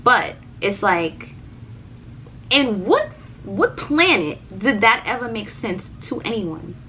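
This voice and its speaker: A young woman vlogger chatting casually through a story, animated, swearing and repeating words for emphasis. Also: medium pitch, slow pace, a little hiss or hum, low-quality recording.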